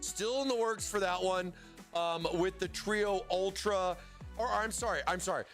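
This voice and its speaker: High-voiced rambling male stream host. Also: a little slow, fairly bright tone, faint music behind. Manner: rambling, stammers and repeats words. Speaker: livestream host. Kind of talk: casual product livestream chat.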